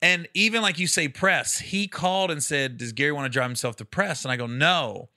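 Animated man telling stories, dry close mic. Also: fairly quick, no room sound. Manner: animated storyteller who acts out quotes with high squeals and laughs. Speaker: comedian guest. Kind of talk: casual podcast storytelling.

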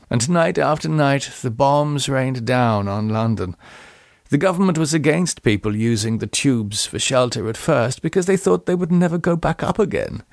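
Play a nostalgic German woman singer in a storybook, recalling her past with quiet longing, as a man reads her lines, with a slightly gravelly texture in a dry, close sound. Let her German accent colour each phrase. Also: mid-range voice, no room sound. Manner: wistful, reminiscing storyteller. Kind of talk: audiobook character voice.

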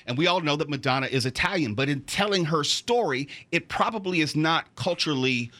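A man's voice: fairly high pitch, lively intonation, fairly quick, pushed and bright. A man co-hosting on talk radio, arguing and pressing his point in studio discussion. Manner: argumentative, makes a point and presses it. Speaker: radio show co-host.

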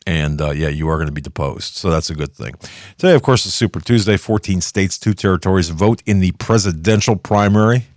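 Deep-voiced and talking a little fast, a man runs a political talk show with a sarcastic, rambling opinion monologue full of restarts. It's studio quality with no echo.

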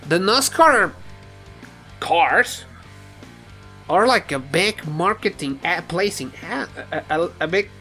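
A podcast host in their thirties who leads the topics in an animated, casual chat. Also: mid-range voice, slow pace, long pauses, faint music behind.

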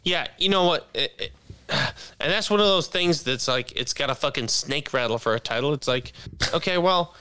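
A man's voice: fairly high pitch, expressive, moderate pace, pushed and bright, slight background noise. A man co-hosting a podcast, ranting sarcastically and profanely with stammering restarts. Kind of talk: casual crude podcast banter.

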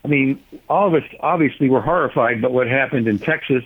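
A man phoning in to a radio show, his husky voice squeezed through a narrow telephone line. He argues forcefully, with sardonic jabs, at a middling pitch. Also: a little fast. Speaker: caller, policy advocate. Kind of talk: talk radio phone-in. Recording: tinny phone line.

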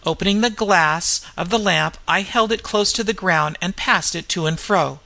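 Gravelly bright-toned audiobook reader. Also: medium pitch. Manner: measured storytelling with character voices. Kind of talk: audiobook narration.

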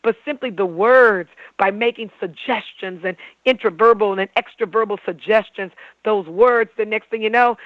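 A man's voice: sits high, moderate pace, no echo, lo-fi sound. A man speaking as a guest communication trainer in an interview, emphatic and persuasive. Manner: emphatic, persuasive, acts out examples. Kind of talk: animated interview talk.

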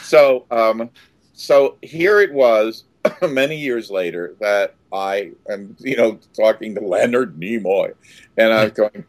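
An older man telling a story as an interview guest, full of halting restarts and loud acted outbursts. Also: fairly low pitch, dry recording.

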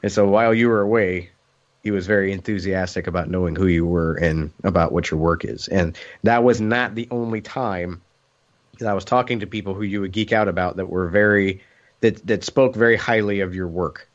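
A man co-hosting a casual chat, telling a story in an animated way and acting out what others said. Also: low voice, a little fast. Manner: animated, acts out quoted voices. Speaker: podcast co-host. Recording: muffled lo-fi recording.

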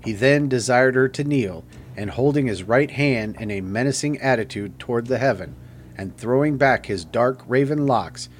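A man narrating a gothic tale as an audiobook in a measured, grave manner. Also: medium pitch, slight background noise.

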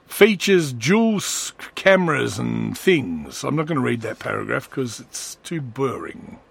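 A man's voice: mid-range voice, very animated, a little slow, vocal fry, hardly any pauses. Rambling sarcastic man. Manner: rambling, sarcastic, slips into voices. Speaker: vlogger. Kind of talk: casual comedic monologue.

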